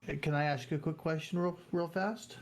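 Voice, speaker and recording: Halting man in a tabletop game. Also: a little high, steady tone. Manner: halting, repeats words, coaxing. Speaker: player. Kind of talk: tabletop role-play, talking in character.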